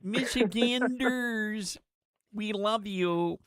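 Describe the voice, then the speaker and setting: A man doing a drawn-out high mocking woman's voice. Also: a bit bright, dry recording, studio quality, full character voice. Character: woman politician with a thick regional accent.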